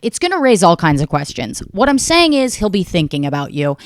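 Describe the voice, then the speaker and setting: A woman in her thirties hosting a podcast, delivering a profane, deadpan, rambling solo comedy rant. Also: on the low side, fairly quick, few pauses, no echo, clean studio sound. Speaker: podcast host.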